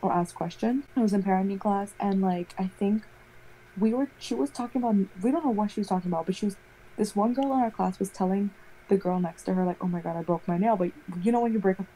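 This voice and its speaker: A young woman chats casually, rambling through a story and peppering it with "like". Her voice sits in a middle pitch with a soft, mellow tone. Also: fast, low-quality recording. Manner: rambling, animated storytelling full of "like". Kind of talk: casual chat.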